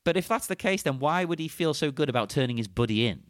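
A man's voice: on the high side, lively intonation, fast talker, no echo, clean studio sound. A man co-hosting a podcast, chatting casually with a jokey, mock-serious delivery and frequent laughs. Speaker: podcast co-host.

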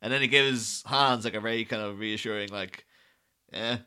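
A man's voice: fairly low pitch, steady tone, a little fast, sharp tone, clear, resonant tone. A man co-hosting a podcast, rambling through casual analysis with many fillers, acting out quotes and laughing often. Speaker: podcast co-host.

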